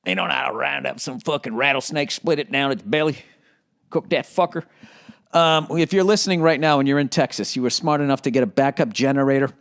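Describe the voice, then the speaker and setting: A man's voice: mid-range voice, fairly quick, creaky, a bit bright. A middle-aged man hosting a solo podcast, rambling sarcastically with lots of swearing and self-mockery. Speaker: podcast host.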